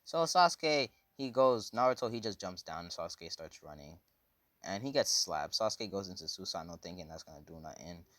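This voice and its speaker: A man's voice: low voice, expressive, normal speed, a bit bright, no echo. A man casually telling a fan story, rambling and slangy with lots of fillers.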